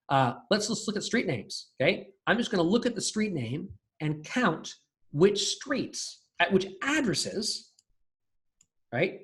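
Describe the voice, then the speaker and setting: A man teaches a recorded programming class, speaking casually and thinking aloud with fillers and restarts. His voice is a little high and a bit bright.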